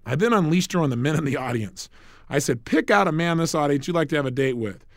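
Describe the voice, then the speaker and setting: Middle-aged male motivational speaker, punchy and emphatic, animated pitch, dry recording. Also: fast, no echo. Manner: emphatic, punchy coaching delivery.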